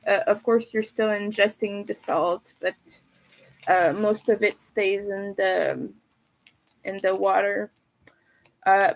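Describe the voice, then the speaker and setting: A woman's voice: mid-range voice, rough recording. A young woman chatting casually on a livestream, talking while she eats. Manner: chatty, talks while eating. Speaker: livestreamer and crocheter.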